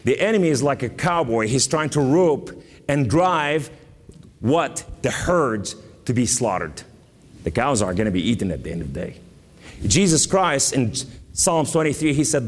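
A man from southern Lebanon, speaking with that region's accent, preaches a fervent sermon in a sing-song voice at a moderate pace. He swings between loud declarations and low, solemn passages, and the recording carries a long hall reverb.

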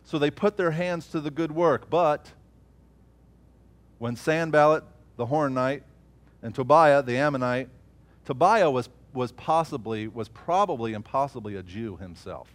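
A man preaching a sermon, swinging from loud emphatic peaks to low murmured asides. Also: unhurried.

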